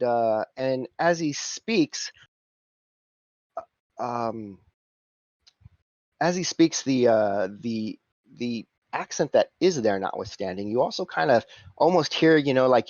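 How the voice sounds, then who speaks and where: A man's voice: mid-range voice, no room sound, highs cut off. A man narrating a tabletop game as game master, in a rambling, filler-heavy way.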